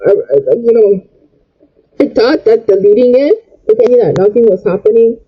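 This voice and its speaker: Doing her makeup for a vlog, a young woman rants in an upset, rambling way. Her voice is husky and on the low side at normal speed, and the audio sounds dull.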